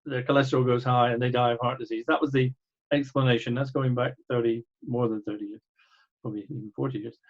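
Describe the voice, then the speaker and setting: A man's voice: mid-range voice, fairly even intonation, quick pace, lo-fi sound. An older man with a mild Scottish accent, a doctor speaking as a guest in a conversational interview with dry, wry humor. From Scotland.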